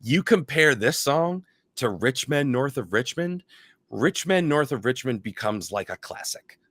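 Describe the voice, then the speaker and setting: Podcast co-host, male, bright tense tone, dry mic, animated profane chatter. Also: medium pitch, a little slow, no room sound. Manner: animated, profane, does mocking voices. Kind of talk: casual chat.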